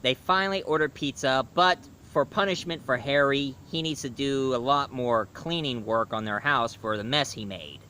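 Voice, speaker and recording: A man giving a casual cartoon review, retelling the story in a rambling way, full of fillers. His voice sits at a middle pitch with a bright, forward tone, and a faint noise hums behind him. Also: normal speed, hardly any pauses.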